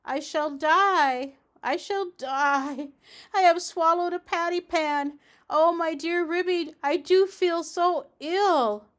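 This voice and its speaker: A woman's voice: expressive, unhurried. A woman doing a fretful, dramatic lady dog. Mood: anxious, wailing. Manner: high, anxious, wailing.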